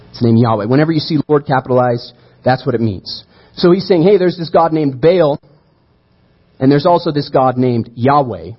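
A man preaching a sermon, telling the story with animated energy and acting out the quoted voices. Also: a little high, breathy edge, muffled recording. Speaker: pastor.

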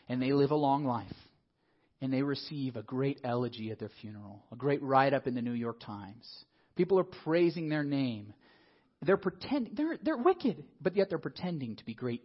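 A man preaching a sermon in a lively, conversational way, often asking the congregation questions. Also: mid-range voice, slightly rough, lo-fi sound. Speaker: pastor.

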